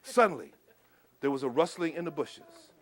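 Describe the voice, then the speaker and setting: Animated high-voiced male storyteller. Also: moderate pace. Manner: expressive, swings between booming shouts and hushed asides, talks to listeners. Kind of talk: animated folk tale telling to a live audience.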